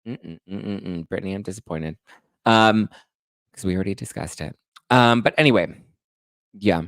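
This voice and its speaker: A man hosting a podcast, gossiping about reality TV with sarcastic, animated commentary and mocking high-pitched quotes. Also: normal speed, no echo, studio quality. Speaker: podcast host.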